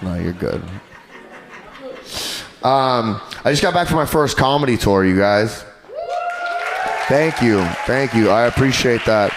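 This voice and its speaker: A man doing a stand-up comedy set on a club stage, animated and crude in his delivery. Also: mid-range voice, measured pace, pauses often, crowd noise. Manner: animated, crude, jumps into character voices.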